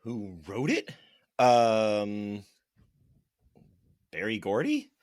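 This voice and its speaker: A man's voice: on the low side, big pitch swings, extremely slow, darkish tone. A man playing a trivia game, joking around and being playfully pedantic. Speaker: trivia contestant. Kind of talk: casual game banter.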